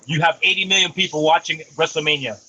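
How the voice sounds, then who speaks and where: A man co-hosting a casual podcast, chiming in with quick, playful remarks. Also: on the high side, pushed and bright, poor audio. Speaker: podcast co-host. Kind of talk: casual chat.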